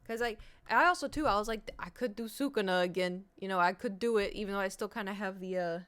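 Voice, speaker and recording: A woman's voice: mid-range voice, fast, fairly bright tone, clear, resonant tone. Woman streamer rambling on to chat, casual, swears a bit.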